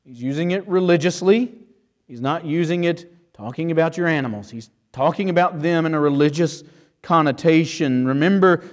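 A man's voice: on the high side, darkish tone. A man preaching an expository sermon, emphatic and driving his points home with rhetorical questions. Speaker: pastor.

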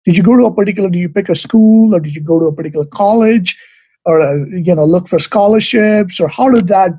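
A man's voice: sits high, fast talker, mellow, breathy edge, no room sound. A man hosting an interview podcast, talking loosely with many fillers and asking long questions. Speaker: podcast host. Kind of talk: casual interview.

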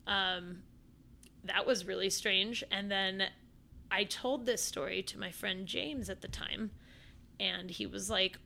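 A woman guest on a podcast telling a story in casual chat, animated and profane, with lots of fillers. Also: medium pitch, a little slow, creaky, a little hiss or hum.

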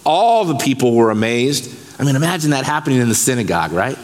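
A man pastor preaching a sermon, lively and emphatic, breaking scripture down word by word. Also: medium pitch, quick pace. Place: church sanctuary. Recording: long reverb of a church hall.

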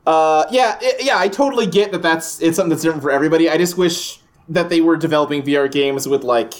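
A man co-hosting a casual gaming podcast, relaxed and chatty, with lots of fillers and the odd swear. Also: fairly high pitch, fast. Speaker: podcast co-host. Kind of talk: casual chat.

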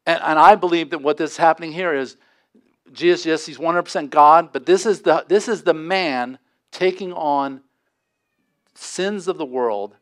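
A man preaching a sermon as pastor, impassioned, with dramatic pauses and sudden drops to a hush. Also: fairly high pitch.

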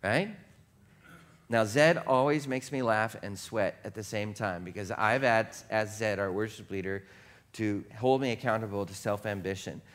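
A man's voice: fairly low pitch, moderate pace. A male pastor preaching a sermon in a conversational, self-deprecating way, using playful repetition and humor. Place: church sanctuary.

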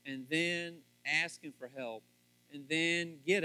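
A man preaching with a high, bright, ringing voice and a lilt. He builds to loud, fervent climaxes and then drops to low, confiding asides. The sound is dry and close. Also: fairly even intonation, takes it slowly, clear, resonant tone, no room sound. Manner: acts out little scenes in voices. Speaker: pastor. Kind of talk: sermon on marriage.

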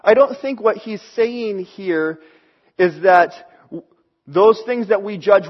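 Man, pastor, sermon, conversational, high voice, muffled lo-fi sound. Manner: conversational, acts out quoted voices.

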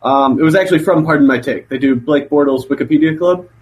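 A man's voice: fairly high pitch, quick pace, poor audio. A man in a casual podcast chat with friends, blunt and argumentative. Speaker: league member, podcast co-host.

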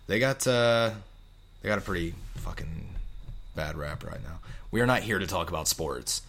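Low-voiced joking male podcast host. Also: expressive, normal speed, fairly bright tone. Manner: laughing, joking, profane. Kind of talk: casual comedic chat.

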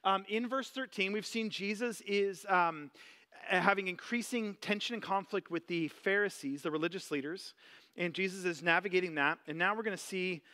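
A man's voice: high voice, normal speed, pushed and bright. A man preaching a sermon as a church pastor, casual and chatty, with many fillers and restarts. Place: church sanctuary.

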